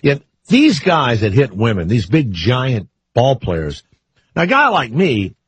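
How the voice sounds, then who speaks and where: A man's voice: mid-range voice, huge pitch swings, measured pace, a little hiss or hum. An older man hosting a talk radio show, rambling and wisecracking in loose asides with callers and co-hosts. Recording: muffled lo-fi radio broadcast.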